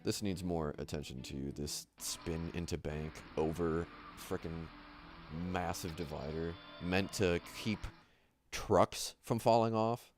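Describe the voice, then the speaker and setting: Lowish-voiced guy rambling thru a livestream, lots of likes and ums, gets hyped, bit of music under it. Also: slow pace. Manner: excitable, rambling, lots of fillers and laughs. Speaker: livestream host. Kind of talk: casual livestream commentary.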